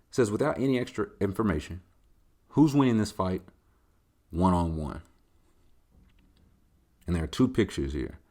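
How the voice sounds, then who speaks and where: Answering listener questions on his podcast, a man with a deep, low, darkish voice keeps things casual. His talk is loose and rambling, full of jokes and slang, with a swear word now and then.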